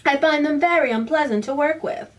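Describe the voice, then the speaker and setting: A woman's voice: high-pitched, a little fast, highs cut off, pitched above the performer's own voice, close to an everyday voice. Smug male film director with a haughty put-on accent, read by a woman, slightly distant from the mic. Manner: haughty drawl, attempted accent.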